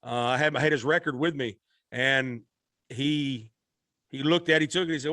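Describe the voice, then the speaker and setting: A male singer, guesting on a podcast, tells a story animatedly in a mid-range voice at a moderate pace, acting out the voices of the people in it. The recording is studio quality with no room sound.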